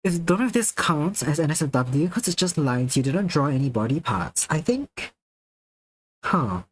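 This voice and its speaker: Live on stream, a man banters casually with his audience, excitable, laughing and swearing freely as their messages come in. The pitch is fairly high, the speed normal, the voice slightly rough, and the audio poor.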